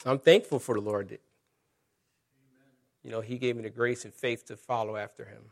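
A man's voice: medium pitch, steady tone, brisk, creaky. A middle-aged male pastor preaching a sermon in a conversational way, with asides and scripture reading.

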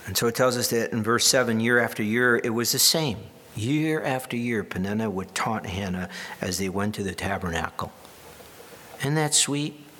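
A man's voice: fairly low pitch, normal speed, bright, forceful tone. A man preaching a sermon in a conversational way, with wry asides and restarts. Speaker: pastor.

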